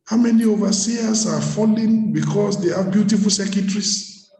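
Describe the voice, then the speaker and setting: A man preaches in a high, mellow voice, telling his story and repeating key phrases for emphasis. His words ring out with a long reverb, as in a large hall. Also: moderate pace. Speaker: pastor. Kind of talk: sermon at leadership workshop. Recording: echoey hall.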